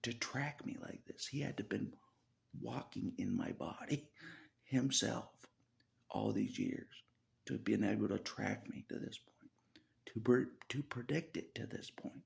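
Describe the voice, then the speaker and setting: A man's voice: on the low side, measured pace, creaky. A man talking through a rambling personal monologue, chuckling often and dropping into half-whispered asides. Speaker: vlogger.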